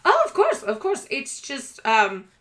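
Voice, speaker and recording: A woman's voice: fairly high pitch, lively intonation, measured pace, pushed and bright, pitched above the performer's own voice, exaggerated voice. A woman voicing a small, round, showy rat boy who boasts like an eager young performer. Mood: chatty. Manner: boastful, eager showman patter.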